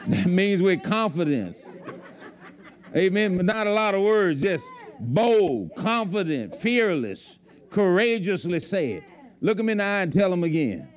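A man's voice: sits high, sing-song, a little slow. A man preaching a sermon to a congregation, emphatic and repeating his lines. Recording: faint crowd from the congregation.

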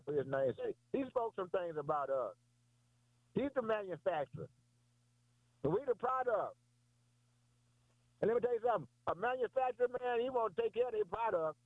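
A man preaches in a folksy, repetitive way, calling on a listener by name. His voice sits a little high. The sound is dry, close and tinny, like a phone line. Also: dry recording. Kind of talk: sermon.

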